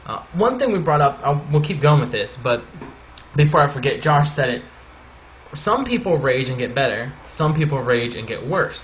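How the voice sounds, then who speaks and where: A man's voice: mid-range voice, normal speed. A man hosting a casual chat, steering the talk and telling stories with animation. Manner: leads the talk, animated storytelling. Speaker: podcast host. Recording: tinny phone-like line with faint noise.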